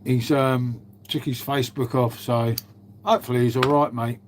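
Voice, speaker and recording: A man's voice: medium pitch, fairly even intonation, normal speed, background noise. A middle-aged man, hosting a livestream and chatting casually with viewers, laid-back and sweary, peppering his talk with mate and innit. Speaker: livestream host reading chat. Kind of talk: casual chat.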